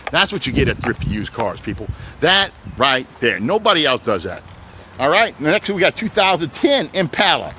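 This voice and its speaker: A man, a used car dealer, walking his outdoor lot in a folksy hard-sell sales pitch and calling out to the people watching. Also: very animated, normal speed, pushed and bright, slight background noise.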